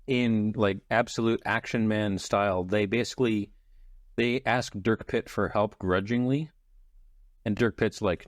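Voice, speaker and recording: A man's voice: on the low side, fairly even intonation, unhurried, no room sound, studio quality. A man co-hosting a podcast, joking and laughing as he recaps a book. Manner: jokey, laughs often. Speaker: podcast co-host. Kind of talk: casual book club chat.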